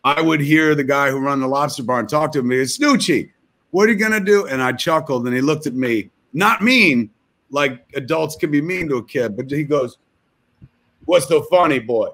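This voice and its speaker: A man's voice: medium pitch, normal speed, sharp tone. A man telling a rambling, profane comic story over a video call.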